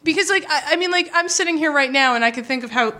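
High-pitched woman, podcast host, animated, cursing, full of "like". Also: quick pace. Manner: animated, swears freely, lots of "like" and restarts. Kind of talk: casual storytelling chat.

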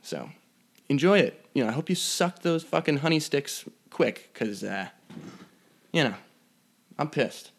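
A man's voice: on the high side, animated, unhurried, long pauses, breathy edge. A young man hosting a podcast alone, rambling in a profane, mock-threatening way. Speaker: podcast host. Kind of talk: casual solo podcast rant. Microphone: podcast mic.

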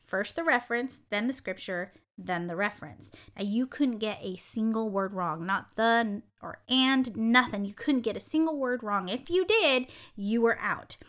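A woman hosting her own podcast, telling a personal story in a lively, bubbly way with frequent laughter. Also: fairly high pitch, moderate pace, hardly any pauses. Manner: animated and bubbly, laughs often. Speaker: podcast host. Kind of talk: casual storytelling monologue.

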